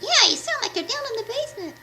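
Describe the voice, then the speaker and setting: A woman voicing a sweet, eager little girl puppet who reads slowly and carefully in a children's puppet show. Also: extremely high pitch, crowd noise, voice pushed up, poor audio. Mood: teasing. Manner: slow, careful storybook reading. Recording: steady background noise.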